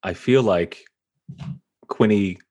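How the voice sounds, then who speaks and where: A man playing in a tabletop game, talking slowly with laughing asides. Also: on the low side, a little mellow. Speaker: player. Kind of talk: casual tabletop game play.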